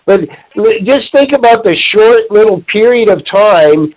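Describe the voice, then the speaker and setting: A man from Canada with a slightly raised pitch talks over a tinny phone connection. He is a client, speaking earnestly in a halting way with frequent restarts. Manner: earnest, halting with repeated words. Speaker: client interviewee. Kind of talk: casual phone conversation.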